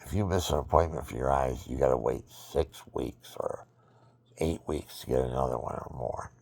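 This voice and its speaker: A very low, gravelly male voice, husky and worn, rambling on about faith while fighting off sleep. He lurches from loud bursts down to near-whispers. It sounds like a phone recording in a dry, close room at home. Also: normal speed, dry recording. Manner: rambling, drifting between loud bursts and murmurs. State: sleepy, extremely tired. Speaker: vlogger. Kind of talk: rambling religious monologue.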